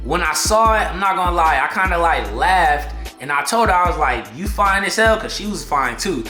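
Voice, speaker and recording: A man vlogging an excitable storytime in heavy slang, acting out what people said. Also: high voice, normal speed. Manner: slangy, excitable, acts out quotes. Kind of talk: animated storytime. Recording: echoey room, faint music behind.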